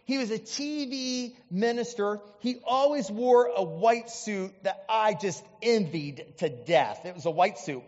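A male pastor from the US Midwest, telling stories in a chatty, animated sermon with many asides. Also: sits high, measured pace, hardly any pauses, long reverb tail, dull audio. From Indiana, US Midwest. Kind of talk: storytelling sermon.

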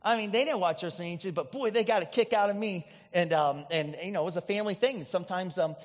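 Male pastor, storytelling sermon, chatty, high voice, muffled sound. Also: fast, long reverb tail. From Indiana, US Midwest. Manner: chatty, animated storytelling with many asides.

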